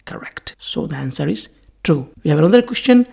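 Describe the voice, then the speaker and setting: A lecturer giving a recorded English-language lesson in a deliberate way, repeating key terms in lists. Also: mid-range voice, expressive, creaky, mellow, slightly rough.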